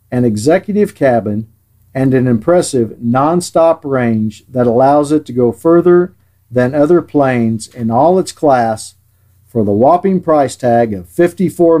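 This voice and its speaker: Mellow-voiced man preaching a sermon. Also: medium pitch. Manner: measured, earnest, dryly sarcastic at times. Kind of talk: sermon read from a script.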